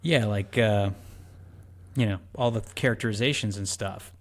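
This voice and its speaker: A man's voice: fairly low pitch, normal speed. A man co-hosting a movie podcast in casual chat, telling stories and acting out quotes. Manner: animated storyteller, acts out quotes. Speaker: podcast co-host.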